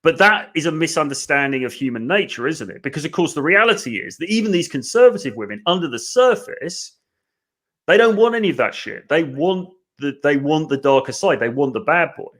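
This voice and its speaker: A man hosting a casual podcast discussion about a book, talking in an animated way and often checking in with "right?". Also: on the high side, fairly quick. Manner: animated, conversational, frequent "right?" asides. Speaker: podcast host.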